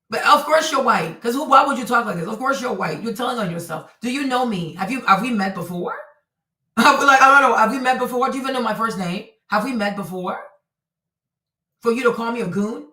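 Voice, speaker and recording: Woman streamer, heated live-stream rant, bright voice a little off-mic in an echoey room. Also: a little high, distant mic. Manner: indignant, repetitive rhetorical questions.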